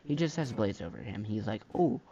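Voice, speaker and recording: Male mod reviewer, gravelly and rambling, lots of "um"s, muffled lo-fi mic. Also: on the low side, big pitch swings, brisk, dark tone, slight background noise. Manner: rambling, filler-heavy, slangy. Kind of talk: casual gameplay commentary. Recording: dull lo-fi mic.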